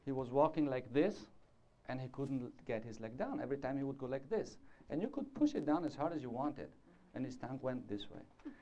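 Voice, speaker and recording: On an old, dull-sounding 1990s conference tape, a man talks about orthodontics in a lecture hall, his medium-pitched voice dark, expressive and fairly quick. He digresses freely, uses gestures to show things, and keeps checking in with the audience.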